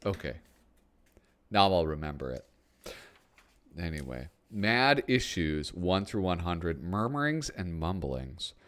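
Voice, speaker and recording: Brief: a rambling casual male host, low voice, animated intonation. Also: slow, pauses often. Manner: rambling, frequent ums, thinking aloud. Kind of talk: casual chat while flipping through a magazine.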